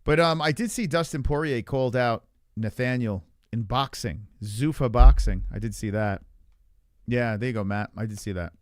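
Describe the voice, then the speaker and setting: A man's voice: medium pitch, moderate pace, no echo. Young guy on a stream going off about fights, swears a ton, mid voice, dry close mic. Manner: profane, ranting, reacts to chat. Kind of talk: livestream fight talk.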